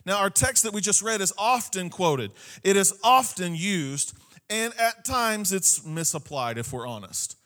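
A man with a notably high voice delivers a sermon from the pulpit. He preaches with emphatic repetition and keeps turning to his listeners with "Amen?" to bring them along. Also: expressive, a little slow, a bit bright. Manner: preaching with repeated phrases and frequent "Amen?" to the congregation. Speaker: pastor.

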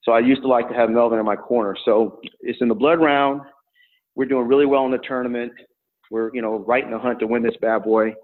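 A middle-aged man recalls his wrestling days in an easygoing, meandering way, full of ums and restarts. His voice sits at an ordinary pitch for a man. It comes through a narrow, tinny, phone-like line. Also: fairly quick. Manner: relaxed, rambling storyteller with many fillers. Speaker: former college wrestler and coach. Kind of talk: storytelling in an interview.

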